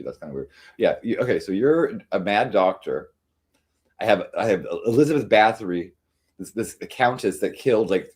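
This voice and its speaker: A man with a lowish, slightly breathy voice hosts a livestream, chatting loosely to his live audience. His talk rambles, full of fillers and restarts.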